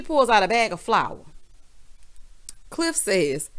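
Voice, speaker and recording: A woman with a Southern US accent recapping a reality show in sassy, animated casual chat, dropping "honey" into nearly every line. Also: medium pitch, takes it slowly. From American South.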